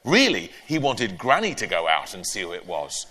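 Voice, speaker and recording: Lively, bright-voiced storytelling man. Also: fairly low pitch, moderate pace, few pauses. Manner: expressive, playful storytelling. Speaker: author reading his own book. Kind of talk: storybook reading, then interview answers. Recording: echoey live hall.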